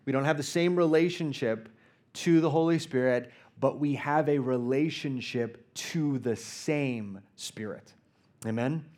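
An earnest male preacher delivering a sermon in a voice of middle pitch. He tells stories with energy and slows down for soft, quiet prayer. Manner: earnest, storytelling, pauses and prays softly. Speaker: guest preacher.

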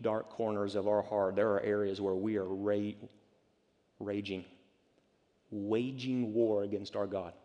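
Man preaching in a reverberant hall. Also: lowish voice. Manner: swings from loud urgent calls to hushed near-whispers. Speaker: pastor. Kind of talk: sermon. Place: church sanctuary.

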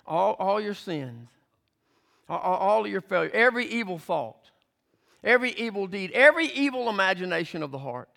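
A man preaching with fervor, his voice pitched high and edged with gravel. He presses each point through repeated words and retells scripture scenes with vivid detail, climbing toward near-shouting at the peaks. The tone stays bright and forceful throughout. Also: animated, normal speed. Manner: emphatic, repeats words as he builds. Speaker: pastor. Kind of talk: preaching a sermon.

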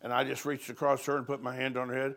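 A man's voice: medium pitch, level tone, quick pace, creaky, fairly bright tone. An older man, a pastor, preaching at a conference in a folksy, storytelling way, chuckling between lines.

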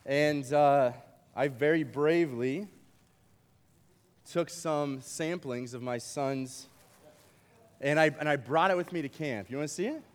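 A young man gives a youth camp sermon, playful and animated, joking with the crowd as he goes. His voice sits high for a man. A long reverb from the large hall trails behind each phrase. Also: measured pace, pauses often. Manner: playful, animated, uses props and jokes with the crowd. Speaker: camp speaker. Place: large hall with a live audience.

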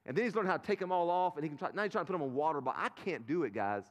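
Pastor preaching in a reverberant church. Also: male voice, on the high side, animated, very fast. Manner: storytelling, conversational with the congregation. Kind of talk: sermon. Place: large church sanctuary. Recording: live sermon in a reverberant sanctuary.

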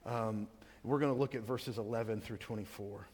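A man's voice: on the low side, fairly even intonation, moderate pace, a little mellow, slightly rough. A man preaching a sermon, reading scripture aloud and then explaining it in plain conversational words. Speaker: pastor. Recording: long hall reverb.

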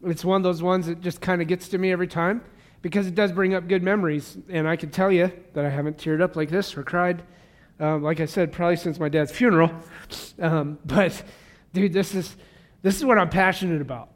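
High-voiced fervent male pastor. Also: fairly even intonation, brisk. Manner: fervent, conversational preaching with casual asides. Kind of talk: sermon. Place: church service.

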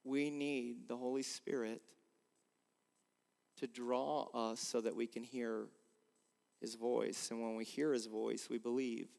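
A man preaching a sermon as a pastor, earnestly posing rhetorical questions and swinging between emphatic and hushed delivery. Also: mid-range voice, flat delivery, slow pace, vocal fry, long pauses. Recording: long hall reverb.

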